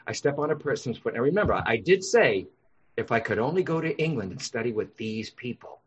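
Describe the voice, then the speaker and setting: Brief: husky man, podcast guest, animated storyteller, slightly muffled lo-fi recording. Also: medium pitch, fairly quick. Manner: animated, acts out voices in anecdotes. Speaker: guest, psychic medium. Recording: dull lo-fi sound.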